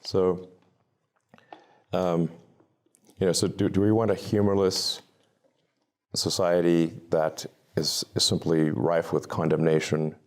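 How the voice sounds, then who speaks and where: Deep, halting man in an interview. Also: little pitch movement, a little mellow. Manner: halting, many fillers and restarts. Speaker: interview guest. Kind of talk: casual interview answer.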